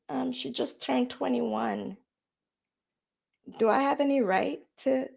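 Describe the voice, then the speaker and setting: A Jamaican woman in her forties hosts a casual livestream chat in a mid-range voice with vocal fry. She slips into patois and laughs often.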